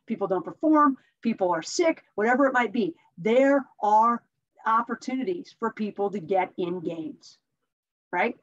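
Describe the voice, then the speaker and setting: A woman giving a conversational coaching tip as a mindset coach, telling stories and asking rhetorical questions. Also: on the high side. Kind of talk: talking-head coaching tip. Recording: dull lo-fi recording.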